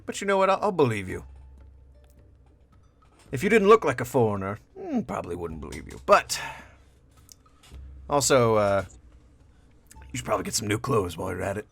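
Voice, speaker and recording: A man voicing a gruff, older male bartender who sizes up strangers. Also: on the low side, very animated, normal speed, pauses often, exaggerated voice. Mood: skeptical. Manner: gruff, sizing people up.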